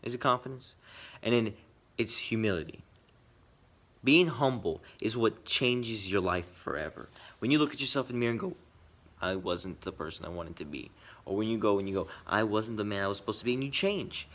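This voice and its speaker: A man giving earnest personal commentary, swinging between quick bursts and quiet, reflective asides. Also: fairly low pitch. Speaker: video essayist.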